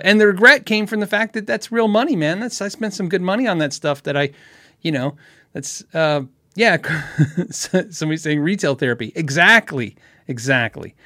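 A man hosting a casual livestream, answering viewer questions in a halting, rambling way with many restarts. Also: fairly high pitch, fairly bright tone, no echo, clean studio sound.

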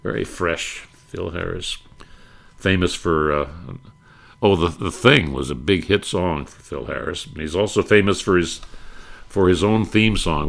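An older man with a very low, gravelly voice reminisces about old radio shows. He wanders fondly from one memory to the next, with the odd pause and filler. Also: a bit bright. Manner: fond, rambling, breaks into quoted catchphrases. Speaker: radio nostalgia speaker. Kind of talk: reminiscing talk with brief impressions.

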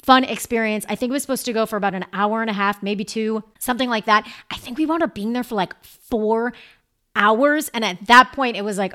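A woman's voice: a little high, a little fast, pushed and bright. A woman, hosting a podcast in a chatty, upbeat, playful way. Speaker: podcast host. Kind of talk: casual chat. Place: New York City.

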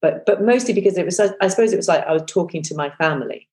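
Chatty woman, lowish voice. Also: fast talker, a little mellow. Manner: chatty, self-deprecating, many fillers and restarts. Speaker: podcast guest, former breakfast TV presenter. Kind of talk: casual interview chat.

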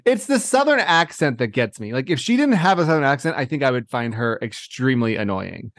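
A man's voice: mid-range voice, sing-song, fairly quick, no room sound, clean studio sound. Playful man co-hosting a chatty podcast. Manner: laughs often, playful teasing. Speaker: podcast co-host. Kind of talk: casual reality TV chat.

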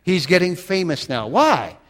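Pria pengkhotbah bersuara agak tinggi, bergema. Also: male voice, high voice, very animated, unhurried, fairly bright tone, long reverb tail. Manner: dramatic, swelling emphasis, reads scripture aloud. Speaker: preacher. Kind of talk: sermon.

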